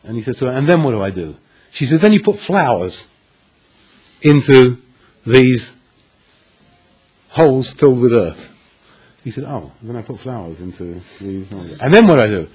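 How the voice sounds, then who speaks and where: A man giving a storytelling Torah lecture, animated and acting out the dialogue with dramatic pauses. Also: mid-range voice, husky, rough recording. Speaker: Torah teacher.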